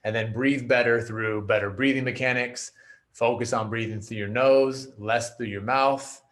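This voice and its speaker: A man of ordinary middle pitch explains breathing techniques over a video call. He talks loosely, with frequent fillers and restarts, and his mouth is dry from an hour of talking. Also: fairly even intonation, normal speed, fairly bright tone. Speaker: breathwork coach.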